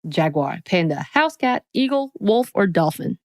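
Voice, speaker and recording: A woman's voice: medium pitch, sing-song, measured pace. A woman co-hosting a podcast, reading quiz questions aloud in a playful, casual chat. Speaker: podcast co-host.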